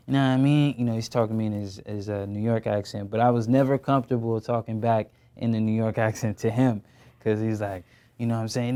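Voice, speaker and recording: Relaxed young man with a dark voice. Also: lowish voice, fast, smooth. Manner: relaxed, slangy, many fillers. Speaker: actor guest. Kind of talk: casual interview. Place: interview studio.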